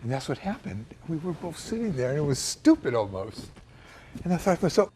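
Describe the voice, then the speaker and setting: A man recounting a personal memory in an emotional, halting way, pausing and restarting as he goes. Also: on the high side, very animated, a little mellow, a little hiss or hum. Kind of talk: personal storytelling.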